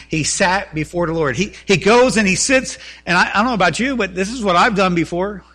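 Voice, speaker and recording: A man preaching a sermon, reading scripture and explaining it with animated asides. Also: high-pitched, a little fast, few pauses. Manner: animated preaching, voices biblical figures in quotes. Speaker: pastor.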